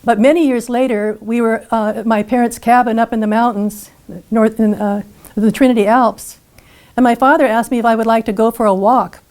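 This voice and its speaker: A woman's voice: on the high side, brisk. Older woman telling a personal story. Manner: earnest, animated retelling with acted dialogue. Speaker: speaker telling her life story.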